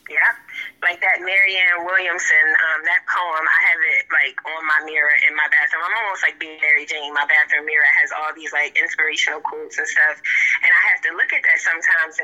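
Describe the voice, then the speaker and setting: A woman's voice: deep voice, lo-fi sound. A woman in her thirties, a registered nurse, telling stories in an interview and acting out the voices of the people in them. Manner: animated storyteller, acts out quoted voices. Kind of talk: heartfelt conversational interview.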